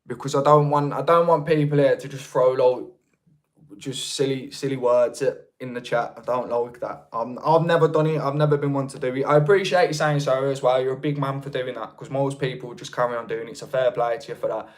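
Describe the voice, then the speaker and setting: A young man from Birmingham, England, with a Brummie accent, hosts a casual livestream, reading viewer comments and chatting in a rambling way full of restarts. His voice is medium-pitched with fairly even intonation, and he talks a little fast.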